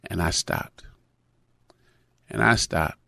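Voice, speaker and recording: A man's voice: fairly low pitch, moderate pace, creaky, no room sound, studio quality. A middle-aged man preaching in a conversational sermon, telling a personal story with many fillers and restarts.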